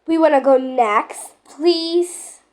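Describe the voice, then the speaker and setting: High-pitched woman, slow unhurried delivery, excitable dramatic game role-play narration. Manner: excitable, dramatic, lots of exclamations. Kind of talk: playful voiced role-play of a game story.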